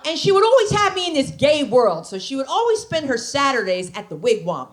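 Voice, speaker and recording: New jersey lady doing standup, high lively voice, loud and brash, bit of club noise. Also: brisk, hardly any pauses. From New Jersey, USA. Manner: brash, animated storytelling with put-on voices. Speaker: stand-up comedian. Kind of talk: stand-up comedy. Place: comedy club stage.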